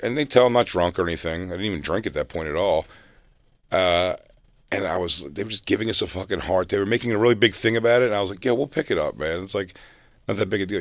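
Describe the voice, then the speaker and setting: Low-voiced man telling rambling stories. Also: dry recording. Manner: rambling, profane, laughs through stories. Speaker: podcast co-host. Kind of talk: casual storytelling chat.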